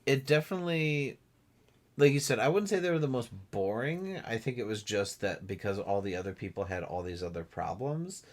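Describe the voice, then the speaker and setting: A young man chats easily as podcast co-host, his pitch moving a lot through each sentence. He slips into little mimicking voices when he retells what people said. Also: brisk. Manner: animated, acts out quotes in mimicking voices. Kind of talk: casual chat.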